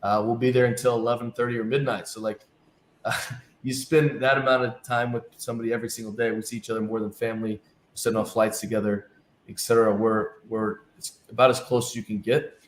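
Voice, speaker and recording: A team's travel director, guesting in a casual interview, tells animated anecdotes and acts out the quoted dialogue. He speaks briskly at a medium pitch. The room is echoey, with faint ambience.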